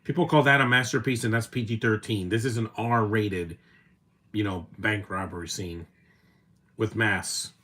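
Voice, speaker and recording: Low-voiced man rambling through movie commentary. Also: fairly even intonation, unhurried, a bit bright. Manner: rambling, opinionated, with frequent restarts and fillers. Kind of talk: casual live watch-along commentary.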